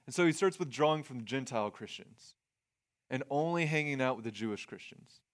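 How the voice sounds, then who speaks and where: A man's voice: medium pitch, expressive, fairly quick. Man preaching a conversational sermon. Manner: conversational, restarts phrases, explains scripture plainly. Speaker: pastor.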